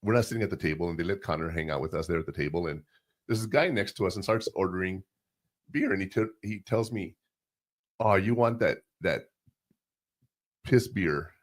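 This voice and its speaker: A middle-aged man with a husky, slightly low voice hosts a laid-back podcast. He talks in loose, rambling stories and slips into the voices of the people he quotes. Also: fast talker. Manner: tells rambling personal anecdotes, acts out quotes. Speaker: podcast host. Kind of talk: casual advice podcast chat.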